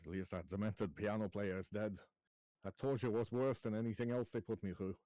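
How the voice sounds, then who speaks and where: Gruff cursing traveler, low voice, dry sound; a game master putting him on. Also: male voice, steady tone, brisk, dark tone, dry recording, close to an everyday voice, rough recording. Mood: wry. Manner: sprinkles German-style curses into his speech. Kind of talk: tabletop role-play voice.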